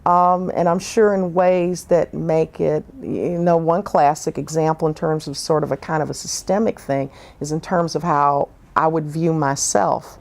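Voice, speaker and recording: Low, gravelly woman recalling frankly. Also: steady tone, a little slow, few pauses, a little mellow. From northern United States. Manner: reflective, frank storytelling with many fillers. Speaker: interviewee. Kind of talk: oral history interview.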